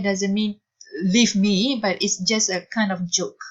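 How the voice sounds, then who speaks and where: A woman's voice: medium pitch, fairly even intonation, a little slow, dull audio. A woman giving a recorded university lecture, speaking hesitantly with many fillers.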